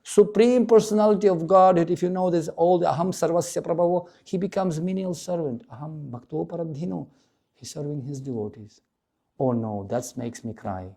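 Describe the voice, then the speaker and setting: Man, devotional lecture, gravelly, dark voice, animated storytelling. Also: on the high side, a little fast. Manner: animated, acts out the dialogue of the story; chants Sanskrit verses. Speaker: preacher.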